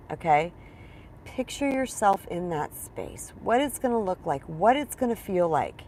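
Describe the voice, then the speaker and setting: A woman with a mid-range voice talks straight to her viewers as a spiritual coach. She teaches in a loose, conversational way, leaning on her points and pausing to check in with a quick "okay?". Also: mid-range voice, darkish tone, a little hiss or hum. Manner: chatty and emphatic, keeps checking in with "okay?". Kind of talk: casual teaching monologue to camera.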